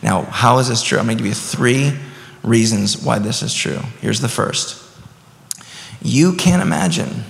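A pastor in his thirties preaches in a mid-range, slightly slow voice with vocal fry, the long reverb of a large hall around him. He talks conversationally and rises into emphatic bursts.

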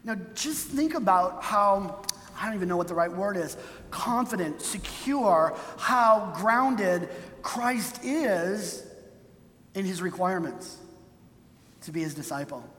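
A preacher talks through a sermon like a chat, tagging points with "right?" and briefly acting out quoted voices. The voice sits mid-range, neither high nor low. It rings out with a long hall reverb. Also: animated, slow pace, fairly bright tone, slight background noise. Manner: conversational, tags points with "right?"; acts out quoted voices for emphasis.

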